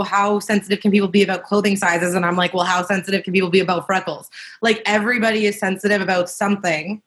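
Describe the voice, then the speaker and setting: A woman's voice: mid-range voice, fairly bright tone. A woman co-hosting a casual panel chat, talking frankly and reflectively with many fillers. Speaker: podcast co-host.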